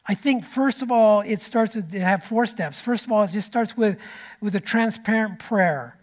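A middle-aged man preaching a sermon as pastor, telling a story that swings from loud to nearly whispered. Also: high-pitched, normal speed. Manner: storytelling, rising loud then dropping to a near whisper.

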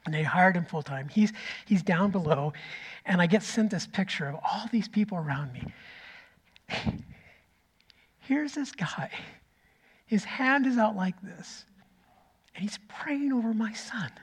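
A middle-aged man preaching a sermon as pastor, telling a story that swings from loud to nearly whispered. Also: high voice, lively intonation, unhurried, long pauses, husky. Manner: storytelling, rising loud then dropping to a near whisper.

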